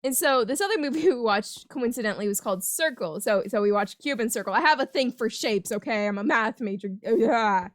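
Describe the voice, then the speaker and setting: A woman's voice: fairly high pitch, lively intonation, a little fast, few pauses, dry recording. A young woman chatting casually while she plays a game, rambling through a story and laughing often as she talks. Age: young adult. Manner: giggly, laughs often mid-sentence. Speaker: gaming channel host. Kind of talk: casual storytelling over gameplay commentary.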